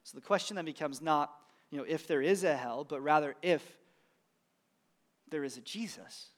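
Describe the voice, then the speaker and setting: Pastor guy preaching, high voice, chatty but punchy, loose asides to the congregation. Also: moderate pace. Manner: conversational, emphatic preaching with casual asides. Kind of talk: sermon.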